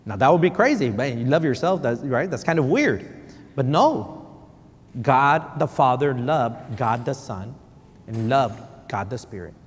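A man in his forties, a pastor, preaching a sermon with animated storytelling and repetition for emphasis, slipping into Spanish. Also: medium pitch, unhurried, slightly rough. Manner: animated storytelling, repeats for emphasis, code-switches. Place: church sanctuary. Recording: reverberant church hall.

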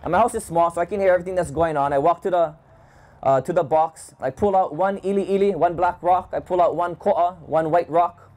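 Man from Hawaii, fairly high voice, slow measured storyteller. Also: darkish tone. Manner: measured, thoughtful storytelling with restarts. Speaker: community leader. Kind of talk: storytelling talk. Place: home gathering, indoors.

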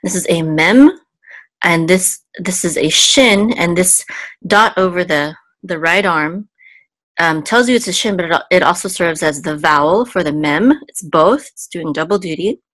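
A woman's voice: on the low side, animated, unhurried, fairly bright tone, no room sound. Patient woman teaching Hebrew letters. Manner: patient, explains letter by letter with fillers. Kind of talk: online language lesson.

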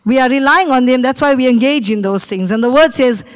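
A woman's voice: high voice, brisk. A middle-aged woman pastor, preaching a sermon and telling a personal story, acting out the people she quotes. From South Africa.

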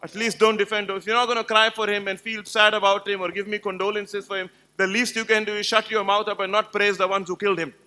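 A man's voice: high-pitched, little pitch movement, fast, few pauses, pushed and bright. A man giving an emphatic religious lecture to a live gathering, telling stories and putting rhetorical questions to the audience. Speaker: Islamic lecturer.

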